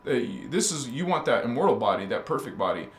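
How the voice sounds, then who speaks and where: A man's voice: mid-range voice, very animated, fast, a little hiss or hum. A man preaching as a spiritual teacher. He speaks fervently and needles his listeners with rhetorical questions, stammering and restarting his phrases. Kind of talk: preaching monologue. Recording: roomy echo.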